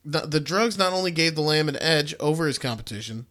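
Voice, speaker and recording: A man's voice: a little high, expressive, a little fast, a bit bright. A man co-hosting a comedy podcast, chatting casually and reading news stories aloud with a laugh. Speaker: podcast co-host.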